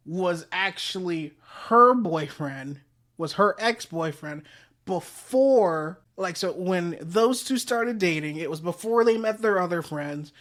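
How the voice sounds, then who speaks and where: A man's voice: high-pitched, fairly bright tone. Brief: male host, casual slangy retelling, rambling with restarts. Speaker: podcast host. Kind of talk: casual retelling of a comic story.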